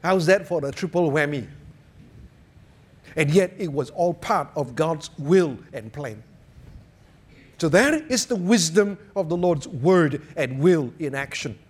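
A man preaching a sermon, telling stories and jokes in an animated way. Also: high voice.

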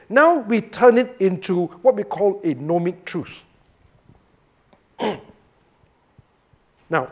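High voice guy teaching a psalm, swoops up and down a lot, takes it slow, keeps saying right. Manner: animated, often checks in with "Right?". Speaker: Bible teacher. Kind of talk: expository sermon.

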